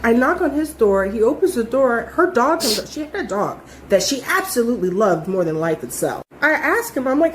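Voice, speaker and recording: Young woman, higher voice, casual storytime teller; swears freely, punches her words, animated delivery. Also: a little fast, hardly any pauses, a little hiss or hum. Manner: profane, animated, emphatic.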